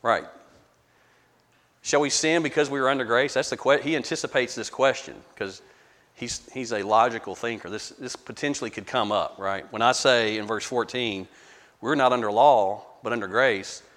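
A man's voice: mid-range voice, moderate pace, fairly bright tone, long reverb tail. Man leading a casual Bible study. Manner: conversational, repeats words, asks the group questions. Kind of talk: verse-by-verse Bible study teaching.

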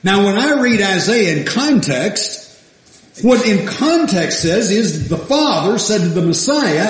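A man preaches at a slow, deliberate pace, with a voice that sits somewhat high for a man. He reads scripture aloud and puts questions to his listeners, swinging between emphatic peaks and soft asides. The sound is roomy and echoey. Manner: animated, rising to emphatic peaks then dropping to soft asides. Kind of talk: sermon. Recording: echoey room.

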